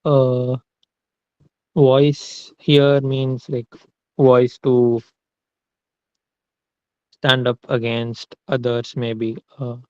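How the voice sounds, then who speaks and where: Hesitant, slow-speaking student, muffled. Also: medium pitch, flat delivery, a little mellow, no echo. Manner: hesitant, searching for words. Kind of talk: classroom answer.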